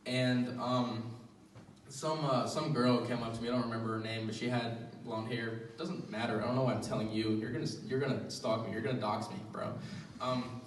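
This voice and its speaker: A man's voice: mid-range voice, steady tone, normal speed, slight background noise. A young man doing a stand-up comedy set in a small live venue, rambling and self-deprecating, with lots of fillers. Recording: roomy venue, recorded from a distance.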